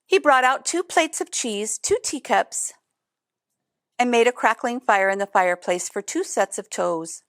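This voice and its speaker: A woman reading a picture book aloud in an expressive way, adding chatty asides to young listeners. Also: fairly high pitch, unhurried, no room sound, clean studio sound. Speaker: storybook reader.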